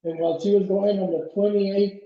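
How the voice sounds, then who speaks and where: A man's voice: high voice, fairly even intonation, fairly quick. A man in his seventies telling a story in an interview, rambling with restarts and chuckling now and then. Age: 70s. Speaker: interview guest, trail runner. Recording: very echoey room, dull lo-fi sound.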